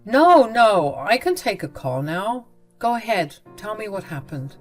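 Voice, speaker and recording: A woman's voice: mid-range voice, very animated, measured pace, faint music behind. Woman reading as a firm, protective father-in-law. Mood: concerned.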